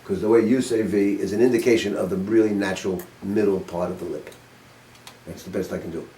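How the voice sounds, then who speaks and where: An older man teaching a saxophone master class, his low voice loose and chatty as he demonstrates and cracks dry jokes. He is picked up from across a roomy studio, with a faint hiss underneath. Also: fairly even intonation, fairly quick, mellow. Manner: casual, demonstrative, joking. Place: music studio with a group. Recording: roomy room, mic at a distance.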